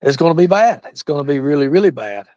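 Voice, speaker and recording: A man's voice: a little high, very animated, fast talker, warm tone, no room sound, dull audio. A man with a Southern US hillbilly accent, rambling and swearing freely on a casual livestream while he reads chat aloud. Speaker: livestream host.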